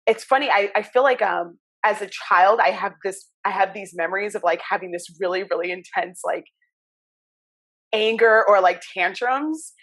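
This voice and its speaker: A woman hosting a podcast, chatting casually and acting out stories with lively, expressive delivery. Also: mid-range voice, normal speed. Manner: animated storyteller, acts out childhood voices. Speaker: podcast host. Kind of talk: casual conversation.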